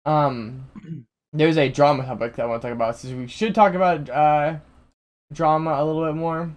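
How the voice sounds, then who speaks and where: A man's voice: fairly high pitch, fairly even intonation, normal speed. A young man hosting a casual podcast, rambling with lots of "like" and restarts. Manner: rambling, heavy use of "like", restarts. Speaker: podcast host.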